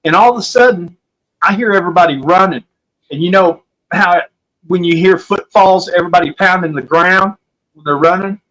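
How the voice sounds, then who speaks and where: Oklahoma guy rambling through a story, kinda high voice, folksy podcast guest. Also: normal speed, a bit bright, low-quality recording. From Southwest Oklahoma. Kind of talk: casual storytelling.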